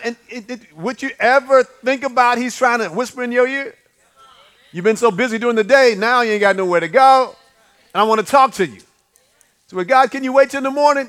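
A man's voice: extremely high pitch, a bit bright. A middle-aged man preaching a folksy sermon, calling out to the congregation and acting out the voices he quotes. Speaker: pastor.

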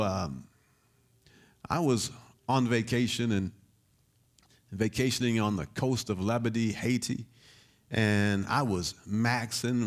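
A man preaching a sermon, telling a personal story and building to shouted exhortation. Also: mid-range voice.

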